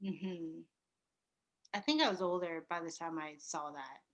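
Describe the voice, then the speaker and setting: A woman's voice: on the low side, unhurried, muffled recording. A woman in casual chat with a friend, rambling and laughing often. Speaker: guest friend.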